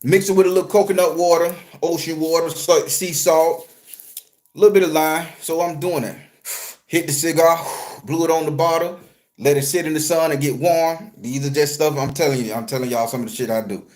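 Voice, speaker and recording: A man who works as a spiritual reader, telling a story to his viewers in an animated, profane, conversational way. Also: fairly high pitch, a little fast. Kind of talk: storytelling vlog.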